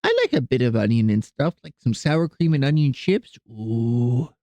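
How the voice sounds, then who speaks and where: A man chats loosely with viewers on a live stream, rambling from one thought to the next in an easygoing way. His voice sits at an ordinary middle pitch, recorded close and dry with almost no room sound. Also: lively intonation, brisk, no echo. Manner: rambling, easygoing, chatting with viewers while cooking; softens and coos when talking to his cats. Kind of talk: casual live-stream chat.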